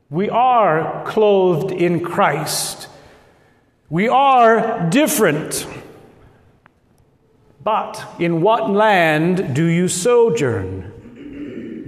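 A Midwestern man from Nebraska, with a slight North Dakota tinge, preaching a sermon as pastor in slow, deliberate phrases with dramatic pauses. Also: sits high. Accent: Midwestern with a trace of North Dakota. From Nebraska, USA. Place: church sanctuary. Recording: echoey church hall.

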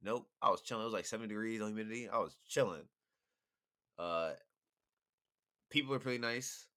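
A man's voice: fairly low pitch, brisk, pushed and bright. A tipsy young man chatting casually with laid-back slang, teasing and apologetic by turns. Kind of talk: casual chat.

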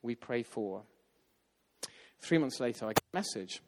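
A man preaches in a storytelling style, mid-pitched and animated. He slips into other people's voices as he tells the story. His voice rings with a long reverb from a large hall. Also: normal speed, background noise. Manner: animated, acts out quoted voices. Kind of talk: storytelling sermon.

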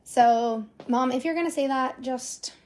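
A young woman co-hosts a podcast, chatting casually and rambling with lots of fillers. Her voice sits high, unhurried and a little mellow.

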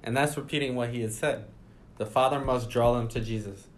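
Steady and brisk, a man with a mid-range voice reads scripture aloud at a casual Bible study, then explains each passage in everyday language.

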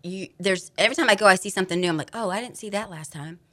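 Bright, gushing woman radio guest. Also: medium pitch, rapid-fire. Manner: gushing, giggly, easily amused. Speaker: studio guest. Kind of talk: casual radio chat. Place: radio studio.

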